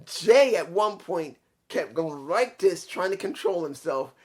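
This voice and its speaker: A young man giving a casual, excitable wrestling review, swearing freely and acting out quotes as he recaps scenes. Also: sits high, a little slow.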